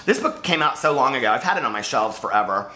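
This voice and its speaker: A man's voice: mid-range voice, lively intonation, fast talker, pushed and bright, echoey room. A man chatting casually and playfully to camera as a book vlogger.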